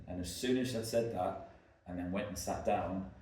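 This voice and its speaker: A man's voice: low voice, moderate pace, dark tone. A man co-hosting a podcast, telling rambling travel anecdotes with lots of likes and ums. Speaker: podcast co-host. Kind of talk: casual anecdotal chat. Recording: echoey room, mic at a distance.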